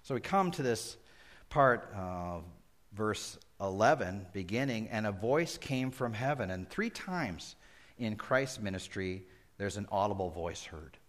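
A man preaching a sermon, moving from folksy asides to loud emphatic peaks and dropping to near-whispers. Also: fairly low pitch, lively intonation, measured pace. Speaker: pastor.

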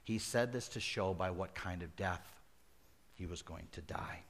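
Low-voiced man preaching a sermon. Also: a little slow. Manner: expressive preaching, swinging from loud emphatic peaks to near-whispers; folksy asides and humor. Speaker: pastor.

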